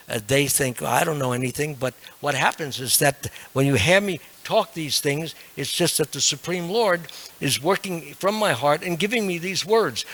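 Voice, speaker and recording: An older man, a monk, delivers a devotional sermon to a temple class, earnest and emphatic, with self-deprecating asides. His voice is a little high with a fairly bright tone.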